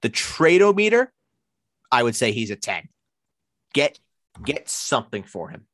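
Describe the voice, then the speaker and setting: A man with a Long Island accent hosting a casual sports chat, playful and animated. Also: unhurried, no echo, clean studio sound. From Long Island, New York. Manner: animated, playful, jumps between high and low pitch. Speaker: podcast host.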